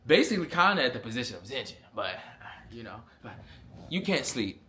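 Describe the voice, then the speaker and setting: A young man, telling a casual storytime vlog with lots of fillers and animated asides. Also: medium pitch, brisk, a little hiss or hum. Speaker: vlogger.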